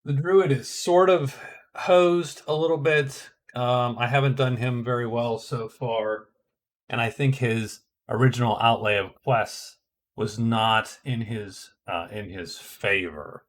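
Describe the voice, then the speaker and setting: A man's voice: medium pitch, fairly even intonation, takes it slowly. A middle-aged man casually narrating his own board game turns, thinking aloud with frequent hesitations and restarts. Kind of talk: casual solo game commentary.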